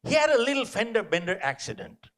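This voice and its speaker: A man giving a live motivational talk to an audience, animated and punchy, repeating short phrases and throwing out rhetorical questions. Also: high-pitched, fast talker. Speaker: motivational speaker. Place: indoor event venue.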